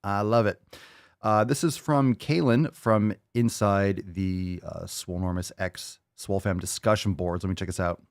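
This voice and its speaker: A man's voice: fairly low pitch, steady tone, normal speed, no room sound, studio quality. A man hosting a casual livestream podcast, brash and profane, hyping people up and repeating phrases for emphasis. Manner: brash, profane, hyped-up gym talk. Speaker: podcast host.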